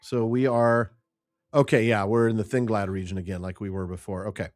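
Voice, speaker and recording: A man's voice: lowish voice, fairly even intonation, fairly quick, no echo, soft background music. A man hosting a casual gameplay stream, chatty and jokey, laughing at himself. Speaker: podcast host playing a game.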